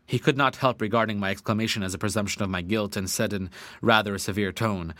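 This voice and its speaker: Low-voiced man narrating a classic novel. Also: steady tone, quick pace, bright, forceful tone, no echo. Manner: earnest, dramatic, old-fashioned diction. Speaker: audiobook narrator.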